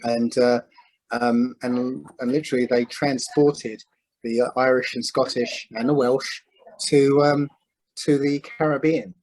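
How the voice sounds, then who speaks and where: A man in a religious panel discussion, talking in a halting way, full of ums and restarts. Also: mid-range voice, steady tone, darkish tone, rough recording. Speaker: panel speaker.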